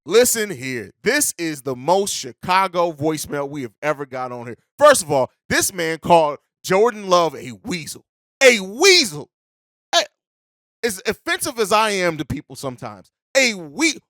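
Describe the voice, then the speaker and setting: A man hosting a sports podcast, talking casually and emphatically, getting loud and excited. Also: on the high side, moderate pace, hardly any pauses, dry recording, studio quality. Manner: excitable, emphatic, swears for effect. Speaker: podcast host.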